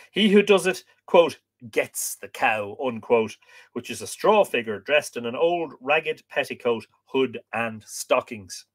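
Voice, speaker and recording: A man hosts a live stream, reading an old scholarly book aloud at an unhurried pace. His pitch rises and falls in a lively way, and he often breaks off to greet viewers and joke. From Ireland.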